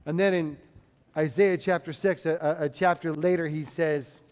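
High-voiced preacher in a reverberant hall. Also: male voice, fairly even intonation, normal speed, darkish tone, clear, resonant tone. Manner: emphatic, conversational preaching with rhetorical questions. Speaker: pastor. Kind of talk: sermon. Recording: long reverb of a large hall.

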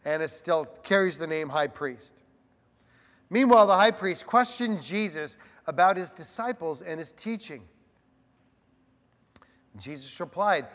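A man preaching a sermon as a pastor, animated and conversational, with frequent asides to the listeners. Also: on the high side, measured pace, pauses often, in a large hall.

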